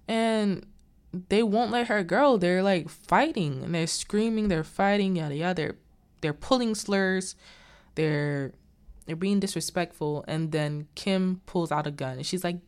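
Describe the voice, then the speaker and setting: A woman's voice: lowish voice, normal speed. A young adult woman casually recapping a film plot, rambling with lots of filler and exasperated asides. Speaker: vlogger reviewing a film.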